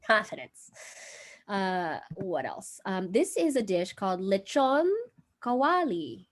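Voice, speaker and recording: A woman's voice: medium pitch, sing-song, measured pace. A woman hosting a casual live cooking stream from home, chatty and giggly with lots of fillers. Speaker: livestream cooking host. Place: home in Brooklyn.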